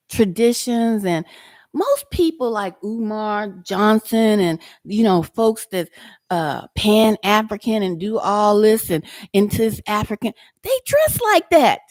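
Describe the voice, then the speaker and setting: A woman's voice: mid-range voice, animated, slow pace, a little mellow, dry recording, clean studio sound. A woman doing a reaction video, answering a man confrontationally, drawling and repeating words for emphasis. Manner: confrontational and mocking, talks straight at the person she answers. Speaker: YouTube commentator.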